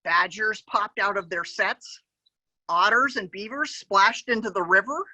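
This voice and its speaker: A woman reading a picture book aloud to children as a park educator, gently pointing to the pictures and adding animal sound effects. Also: mid-range voice, a little slow, no room sound, rough recording.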